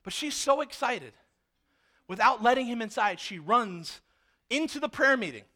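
Male pastor, sermon, very high voice, animated storyteller, acts out characters. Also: moderate pace.

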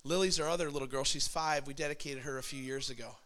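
A man in his thirties, a pastor telling a personal story in a sermon, animated and self-deprecating. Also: mid-range voice, fast.

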